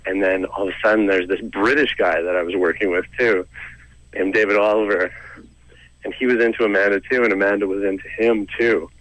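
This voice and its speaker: A man's voice: fairly low pitch, steady tone, brisk, a bit bright, no room sound, rough recording. A young Canadian man, a comedian and storyteller, telling a self-deprecating story in a casual, rambling way with lots of "like" and "you know".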